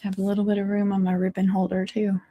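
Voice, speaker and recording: A woman's voice: mid-range voice, monotone, fast talker, mellow, no room sound. A woman hosting a crafting livestream, chatting casually and teasing her viewers with frequent laughs. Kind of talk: casual live-stream chat.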